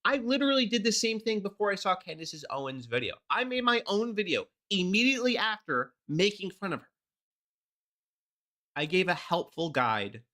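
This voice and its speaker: A man's voice: fairly high pitch, pushed and bright. A man hosting a political commentary show, ranting sarcastically. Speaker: host.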